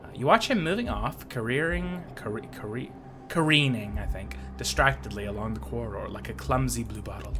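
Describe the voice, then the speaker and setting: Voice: medium pitch, animated, normal speed, over music. A game streamer reading a story game aloud with playful, self-mocking commentary and frequent laughter.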